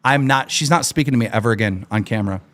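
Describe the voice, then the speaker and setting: A man hosting a live stream, ranting furiously with constant swearing and shouting. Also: medium pitch, fast talker. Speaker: show host. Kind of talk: angry live-stream rant.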